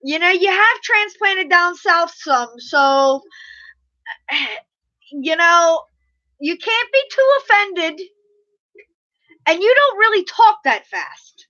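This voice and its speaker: Middle-aged woman, high and bright, chatty streamer who swears and laughs easily, muffled lo-fi audio. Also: animated, slow pace, pauses often. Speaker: live streamer. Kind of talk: casual chat reading live comments. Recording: slightly muffled lo-fi mic audio.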